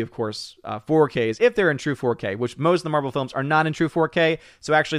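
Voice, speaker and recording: A man hosting a live stream, chatting casually with viewers in an excitable way and often repeating words as he hurries on. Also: medium pitch, smooth, dry recording, studio quality. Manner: excitable, repeats words while rushing to the point. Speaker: live stream host reading viewer chats.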